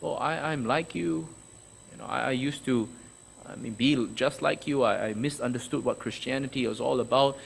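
A man voicing a zealous early apostle who was once a persecutor and is now a believer, giving an earnest first-person testimony with halting restarts. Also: mid-range voice, vocal fry, slight background noise, pitched below the performer's own voice, natural voice, low-quality recording. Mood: soothing.

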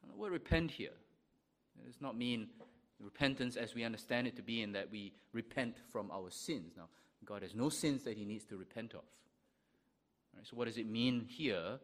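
A man's voice: medium pitch, moderate pace. A man preaching a sermon, explaining a scripture passage with frequent check-ins and reading verses aloud with emphasis. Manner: reads scripture in old-fashioned wording with rising emphasis. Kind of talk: expository sermon.

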